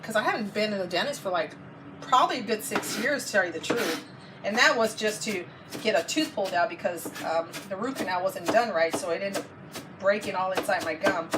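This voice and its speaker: A woman, chatting casually to her viewers and rambling through a story while cooking in her kitchen, often correcting herself. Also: mid-range voice. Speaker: vlogger. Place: home kitchen. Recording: distant mic with clear background noise. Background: kitchen sounds while cooking.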